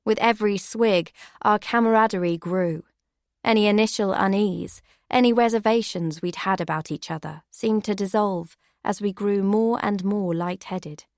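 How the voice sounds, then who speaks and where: Brief: female audiobook narrator, measured first-person reading, mid pitch, dry booth. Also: dry recording.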